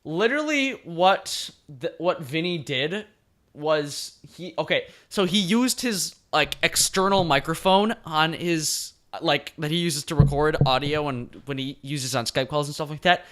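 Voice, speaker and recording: A man co-hosting a casual podcast chat, rambling and excitable, often restarting his sentences. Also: a little high, unhurried. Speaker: podcast co-host.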